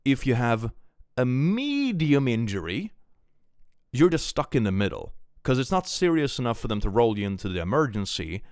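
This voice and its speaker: A Swedish man with a Swedish accent streams casually, reading out viewer messages in a jokey, animated way, swearing freely and swinging between mock gloom and excitement. His voice sits at medium pitch and moves fairly quickly with few pauses. The recording is studio quality with no room sound.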